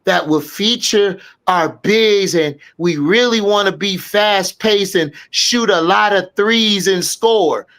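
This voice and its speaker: A man imitating a timid male basketball coach who mumbles halting, hedging corporate talk. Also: sits high, fairly bright tone, exaggerated voice.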